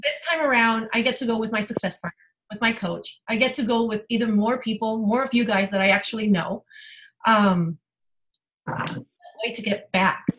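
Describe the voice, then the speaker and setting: A woman's voice: a little high, moderate pace, fairly bright tone, low-quality recording. A woman health coach giving an emotional, rambling personal testimony on a team video call.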